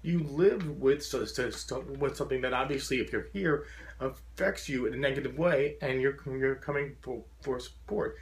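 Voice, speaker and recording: A man's voice: medium pitch, moderate pace. A man with a profound stutter giving an earnest, encouraging talk to a support group, often repeating sounds and blocking on words.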